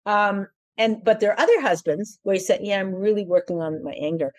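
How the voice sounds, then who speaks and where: Woman, talk show host, casual advice, animated, laughs a lot, mid pitch. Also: fairly quick. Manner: animated, laughs often, acts out quoted voices; frequent restarts and fillers. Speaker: host giving marriage advice.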